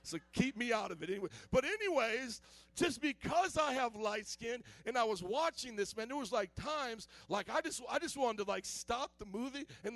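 A man preaching a casual, joking sermon in an animated way, full of fillers. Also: extremely high pitch, normal speed, dry recording. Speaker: pastor.

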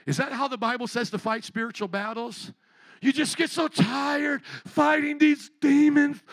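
A middle-aged man preaching a sermon as pastor, mocking sayings and shouting for emphasis. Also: very high-pitched, fairly even intonation, moderate pace, no room sound.

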